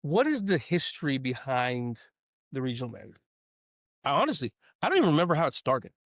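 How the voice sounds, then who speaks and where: A man telling a story as a guest in casual chat, lively and playful, acting out the people in it. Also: mid-range voice, a little fast, dry recording, studio quality. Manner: animated, playful storyteller who acts out the other people in his stories.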